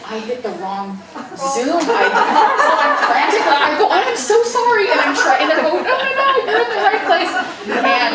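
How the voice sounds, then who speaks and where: A middle-aged woman author recounts her stories with animated, laughing energy. She sounds distant from the microphone, in a roomy space with a clear hiss underneath. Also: medium pitch. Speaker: author guest. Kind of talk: storytelling interview. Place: library event room.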